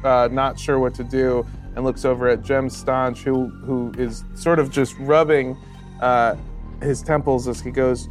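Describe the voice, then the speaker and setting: A man narrating a tabletop game as its game master, animated and laughing often. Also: mid-range voice, unhurried, faint music behind.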